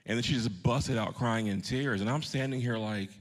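A man's voice: mid-range voice, moderate pace. A man in his thirties, a pastor preaching a sermon, telling a personal story with earnest emphasis and putting questions to his congregation. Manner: earnest, shifting pace for emphasis.

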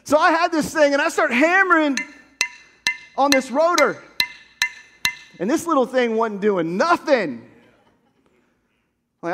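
A man with a very high voice delivers a sermon. He tells a story in a lively way and builds to shouted calls to his listeners. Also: a little slow, long pauses, big-room sound, background noise. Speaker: pastor.

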